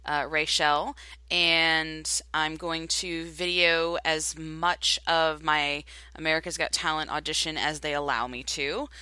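Bright chatty woman, dry close sound. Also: sits low, fairly even intonation, unhurried, clear, resonant tone, no echo. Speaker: podcast co-host. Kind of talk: casual chat.

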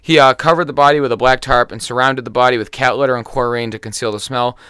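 A man's voice: medium pitch, fairly even intonation, fast talker, bright, forceful tone, smooth, dry recording, studio quality. A man co-hosting a podcast, retelling a crime case in loose, profane casual chat with frequent ums. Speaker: podcast co-host.

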